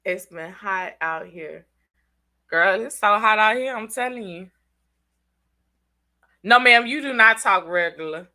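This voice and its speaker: A woman's voice: medium pitch, unhurried, pauses often, bright, forceful tone. A congested woman with a Southern US accent, hosting a casual live stream, chatting in slang and teasing viewers by name. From Southern United States. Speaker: channel host reading live chat.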